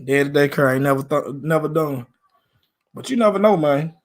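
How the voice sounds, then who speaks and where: A man's voice: a little high, a little fast. A man from Memphis with a Southern accent, hosting a casual live stream about football in a laid-back, slangy way. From Memphis, Tennessee.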